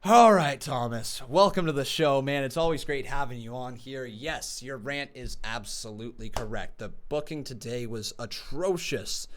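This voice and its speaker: A man's voice: medium pitch, moderate pace, few pauses, slight background noise. A man hosting a live call-in stream, chatty and friendly, laughing easily with callers. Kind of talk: casual call-in chat.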